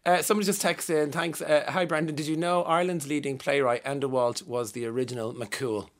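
A man's voice: a little high, fairly even intonation. A man with an Irish accent hosting a live radio show, chatting and teasing his guests in a casual interview. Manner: chatty, teasing, quick to laugh.

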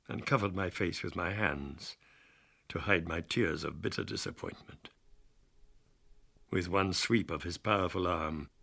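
A man reading an audiobook aloud with dramatic, measured storytelling. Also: sits low, creaky. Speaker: narrator. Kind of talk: scripted audiobook narration.

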